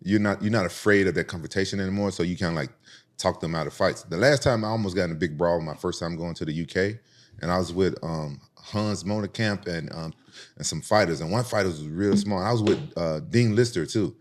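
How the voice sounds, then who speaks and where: A man from Memphis with a drawl talks quickly in a low register. He tells profane, animated street-fight stories as a podcast guest and jumps high in pitch to quote the people in them. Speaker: podcast guest, former UFC champion. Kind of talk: casual storytelling.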